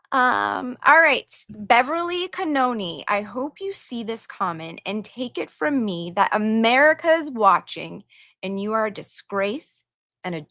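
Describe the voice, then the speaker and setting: A woman's voice: on the high side, sharp tone, dry recording, clean studio sound. A woman hosting a livestream, chatting casually and reading viewer donations and messages aloud with her own asides.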